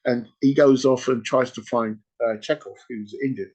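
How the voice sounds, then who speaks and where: A man hosting a podcast, retelling a story in casual chat, animated and peppered with "you know" and "right?". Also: mid-range voice, normal speed, slightly rough. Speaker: podcast host.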